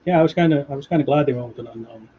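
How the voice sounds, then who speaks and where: A man hosting a casual chat while he draws, talking in a relaxed, unhurried way with a dry voice. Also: mid-range voice, husky. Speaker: host. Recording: muffled lo-fi audio with faint hiss.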